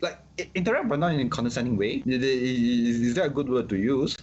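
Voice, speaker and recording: A Singaporean man in casual conversation, talking in an animated way with many restarts and repeated words. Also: medium pitch, a little fast, lo-fi sound, a little hiss or hum. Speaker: guest.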